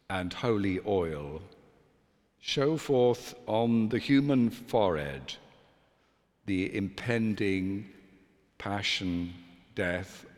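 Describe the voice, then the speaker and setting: A male priest delivers a sermon in a low voice, taking his time over every phrase and pausing for effect. His words ring out through a church with a long, lingering reverb. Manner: measured, deliberate delivery with dramatic pauses.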